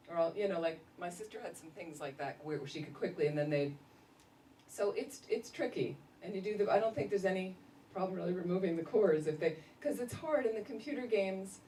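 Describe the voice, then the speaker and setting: A woman, a Buddhist nun, giving a casual dharma talk full of lively stories and laughter. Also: fairly low pitch, a little fast. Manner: animated storytelling, laughing often. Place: meditation center hall. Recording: roomy echo, distant mic, faint noise.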